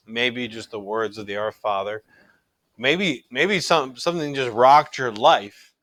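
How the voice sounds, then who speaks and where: A man's voice: mid-range voice, a bit bright, no room sound. A middle-aged man teaching a recorded religion class in an earnest, conversational way, often restarting his sentences.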